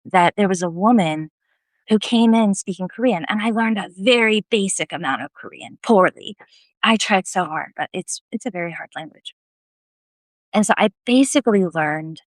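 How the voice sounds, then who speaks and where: Woman, casual live-video storyteller, lively and self-deprecating, dry close sound. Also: on the low side, no echo. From United States. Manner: animated, laughing, self-deprecating.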